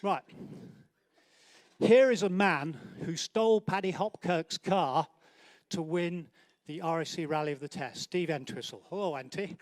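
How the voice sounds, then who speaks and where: A man's voice: on the high side, a little slow, no room sound. A man hosting an awards night, doing joking live banter as he walks between the banquet tables and teases guests by name. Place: large indoor banquet hall.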